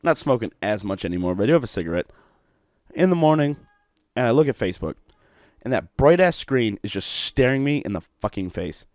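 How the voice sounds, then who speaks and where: A man's voice: mid-range voice, very animated, brisk, a little mellow, dry recording, studio quality. A middle-aged man from Ohio hosting a solo podcast, rambling, swearing and mocking himself. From Ohio, USA. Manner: rambling, profane, self-mocking. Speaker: podcast host.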